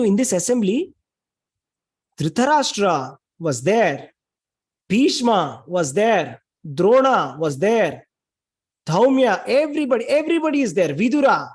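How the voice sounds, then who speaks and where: A man's voice: sits high, a little mellow, breathy edge. A man giving a spiritual talk, retelling a scripture story in an emphatic, dramatic way with lots of repetition. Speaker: spiritual speaker.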